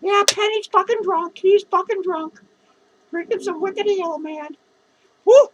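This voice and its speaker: A man's voice: very high voice, measured pace, dull audio, noisy background. A man voicing a drunk, rambling, self-pitying male clown who slurs, swears and giggles through his words. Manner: slurred, rambling, profane, giggling. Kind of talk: comedic character monologue.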